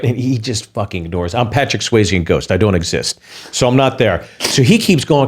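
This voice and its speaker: A man's voice: mid-range voice, expressive, fast. Profane man telling a heated story. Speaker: comedian. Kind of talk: casual podcast storytelling.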